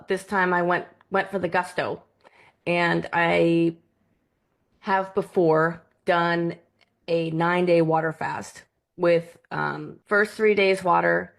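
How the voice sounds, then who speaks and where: A woman telling her own story to the camera in a vlog, her voice sitting slightly low. She talks in an animated, lively way and keeps slipping into the voices of the people in her story. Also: gravelly. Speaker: vlogger.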